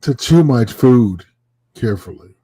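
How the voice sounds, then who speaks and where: A man in his fifties co-hosting a casual comedic chat show, animated and swearing freely. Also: mid-range voice, a little slow, husky, dry recording. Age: 50s. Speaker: co-host.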